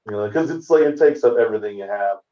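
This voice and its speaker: In his forties, a comedian guest with a lowish voice talks fast, spinning a road story during a casual chat with relaxed timing and lively impressions of the other people's lines. The video-call audio is dull and roomy, since he sits some distance from the mic in an echoey space.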